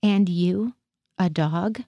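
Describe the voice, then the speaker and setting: A woman's voice: on the low side, very slow, warm tone, no echo, highs cut off, heavily acted. A woman reading the lines of a male military psychiatrist who questions his patient dryly. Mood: questioning.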